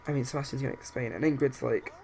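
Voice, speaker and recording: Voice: mid-range voice, steady tone, racing, a little mellow. Rambling game commentator. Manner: rambling, retells scenes with quoted lines. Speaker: let's play host.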